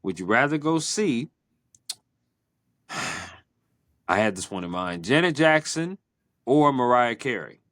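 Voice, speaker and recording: A man hosting a podcast, asking quick either-or questions in a playful, teasing way. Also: medium pitch, big pitch swings, fairly bright tone, no room sound, studio quality. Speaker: podcast host. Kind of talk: casual interview chat.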